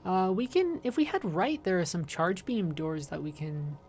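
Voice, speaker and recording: A woman's voice: fairly low pitch, very animated, normal speed, darkish tone, faint music behind. A woman in her thirties chatting casually on a gaming livestream, ranting sarcastically and swearing, with frequent restarts. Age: 30s. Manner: rambling, profane, sarcastic rants with restarts. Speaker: streamer.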